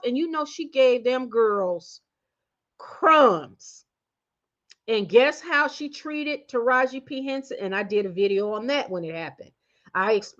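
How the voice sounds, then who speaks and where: A woman hosting a casual opinion commentary, talking in slang, meandering through fillers and restarts and swinging between loud outbursts and muttered asides. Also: high-pitched, highs cut off. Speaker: commentary channel host.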